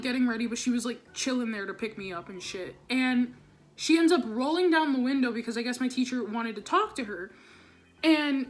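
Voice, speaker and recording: A teenage girl telling a storytime vlog with a high, bright voice. She rants with lots of swearing and leans on "like" between phrases. She talks into a camera or phone mic. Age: teens. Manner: profane, ranting, heavy "like" fillers. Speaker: vlogger.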